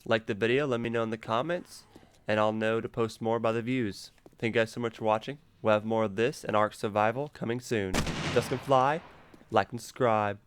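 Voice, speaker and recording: Man, low-pitched, casual rambling gameplay talk, easygoing. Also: fairly even intonation, brisk, a little hiss or hum. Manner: rambling, loose, laughs easily. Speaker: gaming YouTuber.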